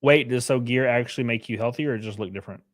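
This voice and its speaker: A young man casually chatting on a livestream while reading chat. He is loose and profane, uses lots of fillers and suddenly jumps way up in pitch for jokes. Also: fast. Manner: animated, pitch jumps up sharply on bits.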